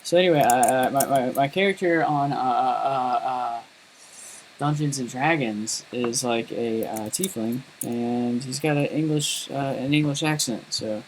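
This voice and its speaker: A man's voice: mid-range voice, a little slow, slight background noise, low-quality recording. A man chatting casually while coding on a live stream, rambling and self-deprecating. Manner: rambling and self-deprecating, lots of fillers and laughs. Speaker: programmer streaming his coding.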